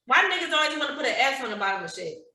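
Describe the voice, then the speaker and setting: A woman's voice: high voice, sing-song, racing, very noisy. A woman co-hosting a casual podcast, teasing the others in a playful way and mocking how they pronounce words. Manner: teasing, playful, mocks pronunciations. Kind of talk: casual group banter. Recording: roomy, off-mic, with chatter behind.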